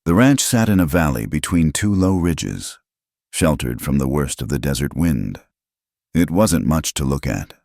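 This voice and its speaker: A man narrating a Western story in a calm, measured, scripted style. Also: a bass voice, creaky, no echo, studio quality.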